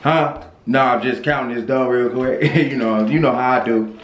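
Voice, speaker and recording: A man's voice: medium pitch, steady tone, moderate pace, echoey room, a little hiss or hum. A man performing a comedic phone call skit, joking and talking in slang.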